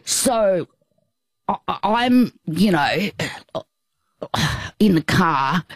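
Slow-talking woman telling a story. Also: fairly low pitch, no room sound. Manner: halting, reflective, animated storytelling. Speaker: guest. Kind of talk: casual storytelling chat.

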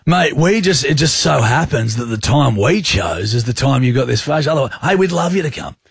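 A man's voice: medium pitch, very animated, a little fast, gravelly, husky, no room sound, studio quality. An Australian man hosting a radio show, bantering and teasing his co-host with a jokey manner. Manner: jokey, teasing, laughs often. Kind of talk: casual banter on breakfast radio. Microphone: studio microphone.

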